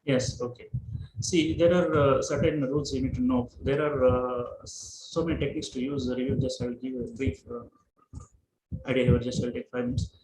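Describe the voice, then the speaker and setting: A man giving an online lecture over a video call, talking haltingly with many fillers and restarts. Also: medium pitch, fairly even intonation. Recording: echoey room with noise.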